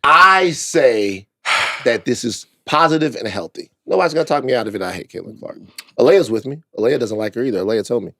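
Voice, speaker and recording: A man's voice: medium pitch, animated, fairly quick, pushed and bright, no echo, studio quality. A man hosting a podcast in casual, playful chat, hyping up the show and its listeners. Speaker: podcast host.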